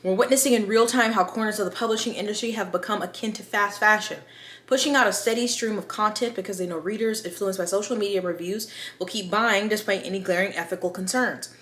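A woman's voice: medium pitch, fast talker, a bit bright, roomy sound. A woman hosting a book video, chatting casually in a rambling, self-aware way and reading from an article.

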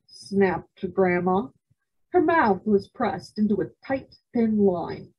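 A woman at a library reading a children's novel aloud in a measured, expressive way. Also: mid-range voice, breathy edge, lo-fi sound. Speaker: library storyteller.

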